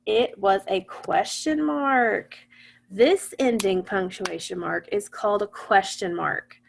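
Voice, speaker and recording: A woman's voice: medium pitch, slow, creaky. A woman teaching an online phonics lesson, patiently asking her class questions and then answering them herself.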